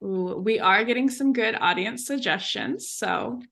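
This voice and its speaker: Gravelly, bright-voiced woman hosting. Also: on the high side, a little slow. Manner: brief encouraging interjections between turns. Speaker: improv storytelling host. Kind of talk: hosting a live online storytelling game.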